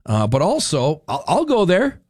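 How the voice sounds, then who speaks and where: A man's voice: a little high, huge pitch swings, moderate pace, a little mellow, no echo, clean studio sound. A man hosting a political talk radio show, opinionated and sarcastic, with lots of fillers. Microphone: studio microphone.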